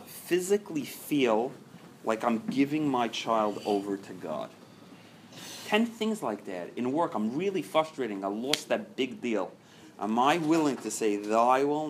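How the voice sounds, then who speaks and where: A man leading a recovery group meeting, talking earnestly and swinging from soft, quiet stretches to loud, emphatic ones. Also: mid-range voice, slight background noise.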